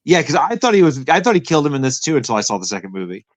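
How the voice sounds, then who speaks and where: A man's voice: medium pitch, very animated, very fast, no room sound. A man co-hosting a movie-review podcast, chatting casually in a dry, matter-of-fact, nitpicking way. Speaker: podcast co-host.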